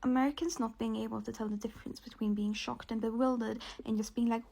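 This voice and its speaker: European woman venting, high breathy voice, sarcastic and fed up. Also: little pitch movement, quick pace, mellow. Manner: exasperated and sarcastic. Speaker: vlogger. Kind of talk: casual rant to camera.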